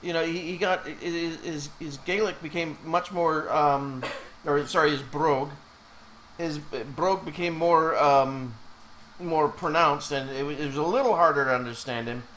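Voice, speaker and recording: A man's voice: a little high, normal speed, fairly bright tone, slight background noise, rough recording. A man from Canada chatting casually while streaming, rambling with fillers and self-corrections. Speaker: animator streaming live. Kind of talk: casual live-stream chat.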